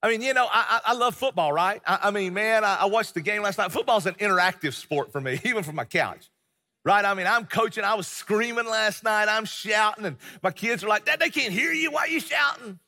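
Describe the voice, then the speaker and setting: Bright-voiced preacher in a reverberant hall. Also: male voice, high voice, fairly quick. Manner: conversational preaching with many fillers and restarts. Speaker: pastor. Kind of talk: sermon.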